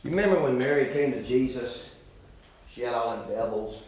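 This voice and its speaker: A middle-aged man preaching a sermon, swinging between loud, climbing declarations and quiet, joking asides. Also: medium pitch, normal speed, echoey room, rough recording. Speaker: pastor.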